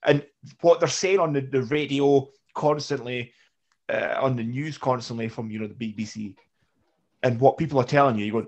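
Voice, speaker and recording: A man's voice: medium pitch, moderate pace. A man on a casual podcast, talking animatedly, swearing and acting out mocking retellings.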